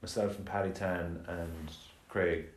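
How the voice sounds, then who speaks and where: A man's voice: low-pitched, fairly even intonation, measured pace, crowd noise. An Irish man chatting on a podcast in an easygoing, laid-back way. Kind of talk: casual chat. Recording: echoey room.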